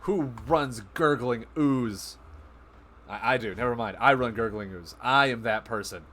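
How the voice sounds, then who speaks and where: Excitable male card game streamer. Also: medium pitch, measured pace. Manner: excitable, self-mocking, thinks aloud. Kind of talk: live card game commentary.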